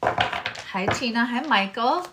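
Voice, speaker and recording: A woman hosting a live tarot and astrology reading in a chatty, candid way, swearing freely and now and then dropping into hushed asides. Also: fairly high pitch, expressive, slow pace, heavy background noise.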